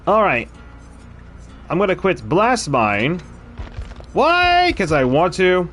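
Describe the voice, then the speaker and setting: A man's voice: sits high, sing-song, takes it slowly, fairly bright tone, faint music behind. A man streaming a game, chatting casually and thinking aloud about his choices between frequent laughs. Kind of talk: casual gameplay commentary.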